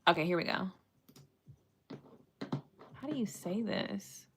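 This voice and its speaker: A woman's voice: mid-range voice, expressive, slow pace, noisy background. A young woman chatting playfully with her live-stream chat and reading animal facts aloud.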